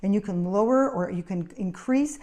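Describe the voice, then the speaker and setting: A middle-aged woman, an occupational therapist hosting her own show, gives casual advice to camera and tells chatty anecdotes, acting out the quotes. Her voice is mid-range and dark-toned, at a moderate pace.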